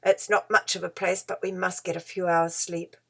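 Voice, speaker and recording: A woman voicing a talkative male beaver in a storybook reading, eager and quick to get excited. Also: on the low side. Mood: confiding. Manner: eager, breathless shouting when excited.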